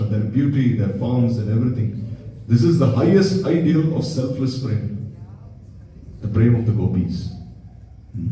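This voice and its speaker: A man's voice: mid-range voice, warm tone. A man giving a devotional sermon as a spiritual teacher, telling stories and asking his listeners rhetorical questions. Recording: very echoey room, distant mic.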